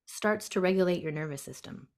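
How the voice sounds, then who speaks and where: A woman guest on a podcast, gently explaining step by step how to handle anxiety, acting out the inner voice. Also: lowish voice, a little fast, creaky. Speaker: guest, intuitive health practitioner. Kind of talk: casual podcast conversation. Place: sunroom at home.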